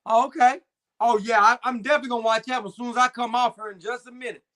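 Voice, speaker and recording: A man's voice: very high voice, fairly even intonation, rapid-fire, a bit bright. A young adult man hosting a live stream, chatting casually with slang and reading viewer comments. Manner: laid-back slangy banter, frequent fillers.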